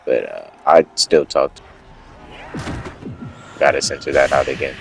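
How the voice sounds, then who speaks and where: A young man with an extremely low voice tells an unscripted story to his viewers, cursing freely and wandering into side notes. He stops to correct himself and restarts his sentences. Faint music plays underneath. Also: expressive, a little slow, creaky. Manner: rambling, profane, self-interrupting with asides. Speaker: storytime vlogger.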